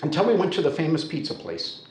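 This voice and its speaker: A man's voice: on the high side, wildly swooping pitch, quick pace, a little mellow. An older American man telling a humorous personal story to a live audience in a storytelling center, speaking conversationally. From United States. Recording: echoey hall.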